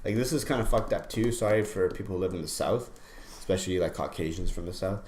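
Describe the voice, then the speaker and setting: A man's voice: sits low, fast talker, darkish tone. Young man, rambling profane podcast chatter. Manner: rambling, profane, full of fillers. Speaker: podcast co-host. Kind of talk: casual chat. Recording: roomy echo, faint background noise.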